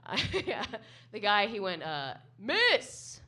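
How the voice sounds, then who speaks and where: A woman's voice: animated, slow pace, sharp tone. A woman comedian doing a chatty, self-mocking stand-up set to a live audience in a small club. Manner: chatty, self-mocking, with swoops into high silly voices.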